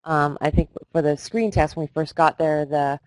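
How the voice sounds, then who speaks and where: Low, dry-sounding actress talking thoughtfully. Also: female voice, steady tone, normal speed, darkish tone, no room sound, rough recording. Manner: thoughtful, hesitant with fillers, laughs while telling stories. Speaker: actress guest. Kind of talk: live online interview.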